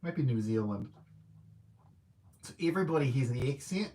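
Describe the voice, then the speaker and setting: A man's voice: mid-range voice, expressive, moderate pace, mellow. Rambling man chatting about movies. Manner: rambling, self-correcting, thinking aloud. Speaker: film reviewer host. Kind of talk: casual livestream movie review.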